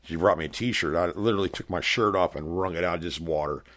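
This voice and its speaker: Middle-aged male host, very low voice, folksy rambling storyteller, casual show chat. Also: fast, fairly bright tone. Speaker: podcast host. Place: house room with bare walls.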